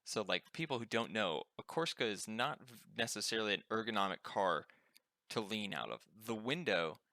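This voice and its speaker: A man's voice: lowish voice, no room sound, studio quality. Brash young man telling a story. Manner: profane, animated storyteller with many "like" fillers. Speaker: podcast co-host. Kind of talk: casual storytelling chat.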